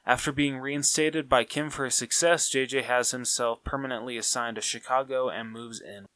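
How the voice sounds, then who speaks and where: Podcast co-host, male, bright crisp voice, dry mic, casual movie talk. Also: mid-range voice, moderate pace, no room sound. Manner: steady recap reading with small stumbles. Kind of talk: reading a plot summary, then casual chat.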